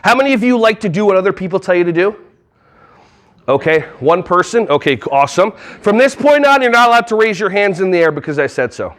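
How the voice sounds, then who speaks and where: A man giving a lively, jokey talk at a conference hall on a wireless mic, often acting out little voices. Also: sits high, fast talker. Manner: playful, jokey, acts out voices. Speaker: conference speaker. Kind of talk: energetic live workshop talk.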